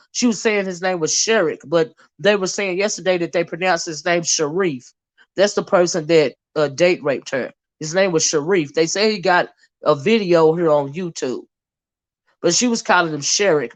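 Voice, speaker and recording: A woman hosting a casual live stream about a movie. She rambles and chats with viewers, fills her talk with "you know", and calls listeners "child" and "honey". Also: fairly low pitch. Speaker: movie reviewer and channel host.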